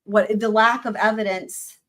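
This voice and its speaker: A woman's voice: mid-range voice, steady tone, unhurried, fairly bright tone. A woman hosting a livestream, chatting casually and animatedly about legal points and swearing now and then. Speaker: livestream host.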